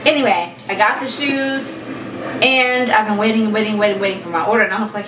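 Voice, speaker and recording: A chatty woman fashion vlogger talks through an unboxing at home, lively and storytelling. She sits a little back from the mic in a roomy space, with faint clatter of dishes behind her. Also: mid-range voice, fairly quick, far from the mic, background noise. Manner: chatty, animated storyteller who acts out quoted exchanges. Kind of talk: casual unboxing chat.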